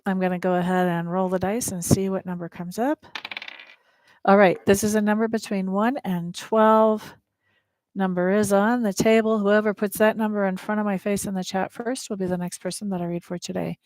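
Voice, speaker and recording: A woman's voice: mid-range voice, steady tone, normal speed, a little mellow, dry recording. A woman hosting a live tarot reading, chatting straight to her viewers in a blunt, playful way. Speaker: tarot reader and livestream host.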